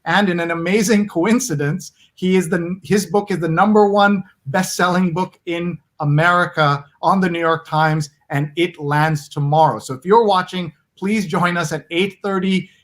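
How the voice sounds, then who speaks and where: A man's voice: high-pitched, steady tone, normal speed, few pauses, a bit bright. A man hosting a casual interview over a video call, chatty and eager to promote his show. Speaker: host.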